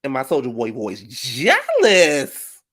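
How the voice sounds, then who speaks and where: A man's voice: a little high, expressive, normal speed. A man giving a sassy reality TV reunion recap, flamboyant, shady and theatrical. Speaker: reality TV commentator.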